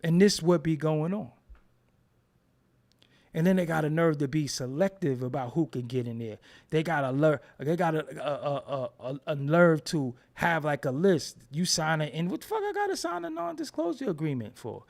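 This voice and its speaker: A man's voice: fairly high pitch, normal speed. A man in a casual, profane rant, talking emphatically and repeating himself when heated. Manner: animated, emphatic, swears freely, repeats words when heated.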